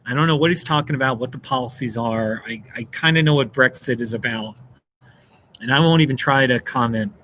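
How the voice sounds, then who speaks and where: A man's voice: medium pitch, brisk, fairly bright tone, a little hiss or hum, poor audio. An American man hosting a casual live stream, chatting and reacting to viewer comments with frequent laughs. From United States. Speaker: livestream host. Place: indoors, seated at a table.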